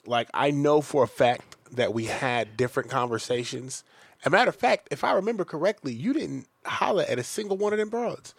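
A man co-hosting a podcast who tells stories in a joking, profane, animated way. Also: mid-range voice, a little fast, vocal fry, no room sound. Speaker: podcast co-host. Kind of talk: casual chat. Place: studio.

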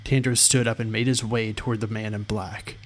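A man reading a fantasy novel aloud as its narrator, in a steady storytelling manner. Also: lowish voice, fairly quick. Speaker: audiobook narrator.

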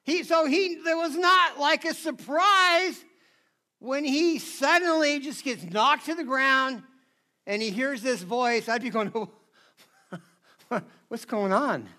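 At a slow pace, a very high-voiced pastor delivers a casual, conversational sermon with a bright, sharp tone. It sounds more like a friendly chat than a lecture, since he keeps asking the audience "right?"

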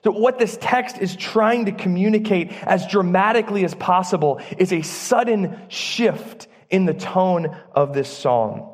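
A man preaching a sermon in church, earnest and emphatic, using dramatic pauses. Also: high-pitched. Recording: long church reverb.

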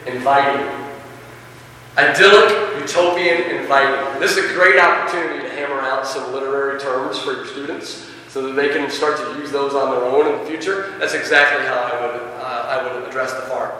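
Animated man teaching in an echoey hall. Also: mid-range voice, moderate pace, far from the mic, a little hiss or hum. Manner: animated, expressive, asks the audience questions. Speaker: teacher leading a teacher workshop. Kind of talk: demonstration lesson.

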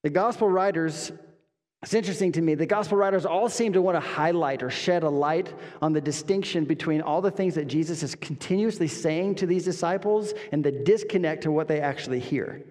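A man's voice: on the high side, brisk, a little mellow. A man preaching an expository sermon as pastor, earnest and emphatic, repeating lines and asking rhetorical questions. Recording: long reverb of a hall.

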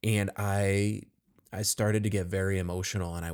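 Lower-voiced man, earnest podcast co-host. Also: little pitch movement, normal speed, smooth. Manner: earnest, laughs often, warm storytelling. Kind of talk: casual podcast chat.

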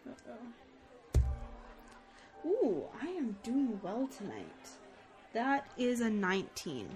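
A woman's voice: on the high side, wildly swooping pitch, takes it slowly. A woman playing a tabletop role-playing game, chatting casually and describing her character's actions. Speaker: player.

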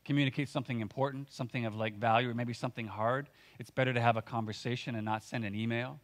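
A male pastor delivers a sermon in an earnest, conversational way. He talks through his points with casual filler words and quick restarts, at an ordinary mid pitch. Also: fairly even intonation.

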